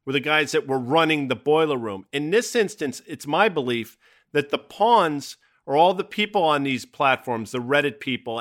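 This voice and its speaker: A man's voice: on the high side, a bit bright. A man co-hosting a markets podcast, talking casually and emphatically with strong opinions. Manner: emphatic, opinionated, name-dropping movie quips. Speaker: podcast co-host.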